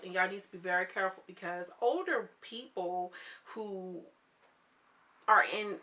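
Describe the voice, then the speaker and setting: Woman, young adult, bright and forceful tone, casual show review, chatty and expressive, middle pitch. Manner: chatty and expressive, addresses viewers as y'all. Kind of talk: casual commentary.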